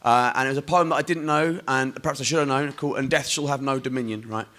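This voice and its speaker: A man's voice: mid-range voice, fairly even intonation, fast, fairly bright tone. A performance poet from Essex, a man reciting in a rhythmic, chanting way, then chatting in wry, rambling asides between poems. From Essex, England. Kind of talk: poetry reading and stage banter. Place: festival stage.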